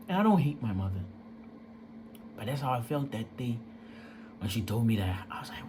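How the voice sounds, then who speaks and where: A man's voice: mid-range voice, lively intonation, normal speed, pauses often, a little mellow, slight background noise. A young man candidly telling a personal story, emotional and profane, in casual street slang.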